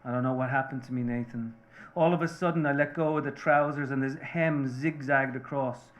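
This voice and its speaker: A man reading the part of a remorseful Irish-American mother, a seamstress, confessing earnestly and haltingly to her husband. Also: medium pitch, steady tone, highs cut off, natural voice.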